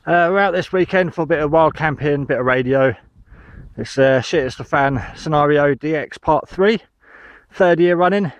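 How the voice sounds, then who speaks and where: A man's voice: on the high side, moderate pace, no echo, lo-fi sound. A man from the United Kingdom vlogging outdoors in a field, slightly out of breath, talking in a rambling way with many ums. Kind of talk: casual outdoor vlog.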